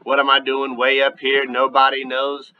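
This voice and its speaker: A man hosting a gaming video with his son, giving excitable play-by-play with shouted sound effects. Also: medium pitch, normal speed, clear, resonant tone. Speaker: dad and gaming channel host. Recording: dull lo-fi audio.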